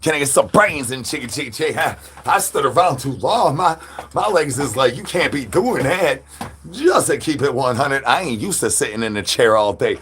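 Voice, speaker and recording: A man's voice: mid-range voice, expressive, moderate pace, a bit bright, a little hiss or hum. A man chatting with viewers on a livestream while standing outdoors, playful and full of goofy catchphrases and animal noises.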